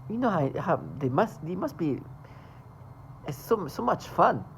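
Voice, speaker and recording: A vlogger talking straight to camera in a raw, agitated monologue, with middle-pitched speech. The talk swings between loud outbursts and low mutters, full of swearing. Faint noise sits underneath. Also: very animated, measured pace, poor audio.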